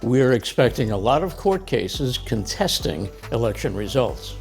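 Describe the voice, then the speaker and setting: A man from the United States explains things in an even, plain way, with light chuckles between remarks. His voice sits at a medium pitch. Soft music plays quietly behind. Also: a little slow, creaky. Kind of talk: scripted lesson dialogue.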